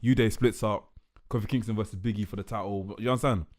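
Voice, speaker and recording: Fast-talking excited podcast man. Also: on the low side. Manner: quick, excited predictions with repeated phrases. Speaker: podcast co-host. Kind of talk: casual chat.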